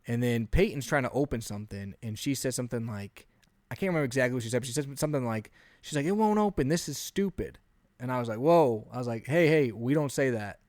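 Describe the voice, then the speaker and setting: A man in his thirties co-hosts a podcast and tells an animated story during a casual chat, often acting out what he said. His voice is medium-pitched, he talks fast, and there's no room sound.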